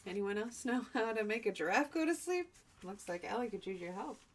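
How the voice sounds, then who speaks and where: A woman teacher reading a picture book aloud to young children, chatty, pausing to add asides and explain words. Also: mid-range voice, lively intonation, slight background noise.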